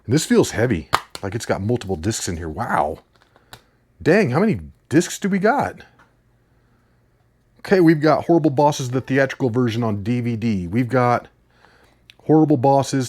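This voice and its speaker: A man chatting casually as he unboxes a haul, eager and a little rambling. His voice sits at an ordinary middle pitch, and he laughs easily between his thoughts. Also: expressive, moderate pace, darkish tone. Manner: enthusiastic, rambling, laughs often. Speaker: host.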